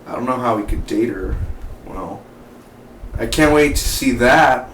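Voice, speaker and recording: A man giving a casual, excitable spoken review of a TV episode, chatty and full of "man" and "dude". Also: mid-range voice, measured pace. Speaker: TV show reviewer. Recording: echoey room, mic at a distance, faint background hum.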